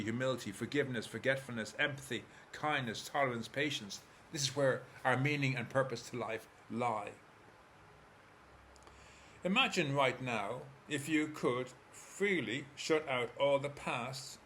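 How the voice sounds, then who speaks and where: An Irish man, a therapist, calmly guiding the listener step by step through a visualization. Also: medium pitch, slight background noise. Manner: calm, steady, coaching listener step by step. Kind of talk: guided visualization talk.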